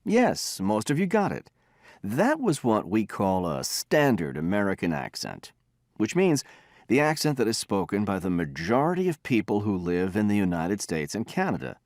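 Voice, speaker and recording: A man's voice: lowish voice, wildly swooping pitch, normal speed, darkish tone, dry recording, clean studio sound. A man giving a textbook listening lecture, explaining and demonstrating pronunciation by example.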